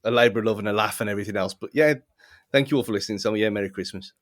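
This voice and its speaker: A man's voice: on the low side, racing, fairly bright tone. A man co-hosting a casual film podcast who often laughs in the middle of his sentences. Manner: giggly, laughs often between words. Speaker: podcast co-host. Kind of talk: casual film-review chat.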